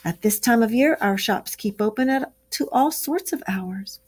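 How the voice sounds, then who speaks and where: Small respectful boy field mouse, high and eager, played by a woman reading aloud. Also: animated, moderate pace, darkish tone, slightly rough. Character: small polite young male field mouse.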